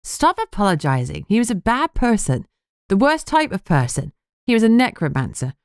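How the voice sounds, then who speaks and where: Audiobook role: a woman playing a guarded young woman, raised pitch, emotional. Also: sing-song, moderate pace, a little mellow, clear, resonant tone, no room sound, clean studio sound. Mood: firm. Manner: strained, high, emotional delivery. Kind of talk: audiobook character voice.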